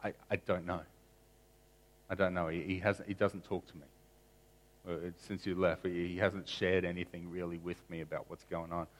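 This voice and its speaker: A man's voice: low-pitched, level tone, normal speed, natural voice. A man voicing a worried, tender mother during a sermon story, soothing and pleading.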